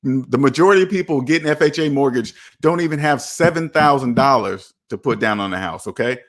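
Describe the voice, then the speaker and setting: Hosting a live personal finance stream, a man with a mid-range voice responds to viewer comments bluntly and animatedly, performing the voices of the people he quotes.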